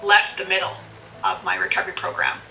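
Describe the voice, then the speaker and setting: Bright-voiced, blunt storytelling woman. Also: on the low side, fairly quick. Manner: blunt and animated, swears freely, laughs often. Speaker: podcast guest. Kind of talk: candid personal storytelling. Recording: echoey room, distant mic, faint music.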